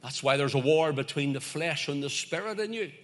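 A man's voice: on the high side, animated, a little fast. A man preaching a sermon, emphatic and repetitive, building his points in lists.

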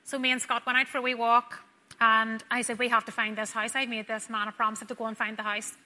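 Her voice sits on the high side with little pitch movement, brisk and sharp-toned, as this Northern Irish woman tells the story of her faith. She's warm and talkative, performing the conversations she recounts and frequently saying "wee," with long hall reverb on the recording.

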